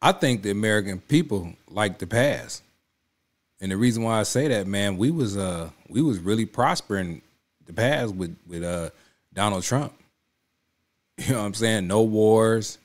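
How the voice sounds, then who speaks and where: Low-voiced man giving emphatic commentary. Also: animated, normal speed. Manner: emphatic, repeats himself, keeps saying "you know what I'm saying". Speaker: reaction video host. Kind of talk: casual spoken commentary.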